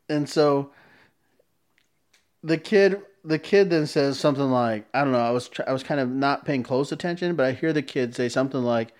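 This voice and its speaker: Man, podcast co-host, casual storytelling, animated, jumps into other voices. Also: moderate pace. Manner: animated, acts out voices with big pitch jumps.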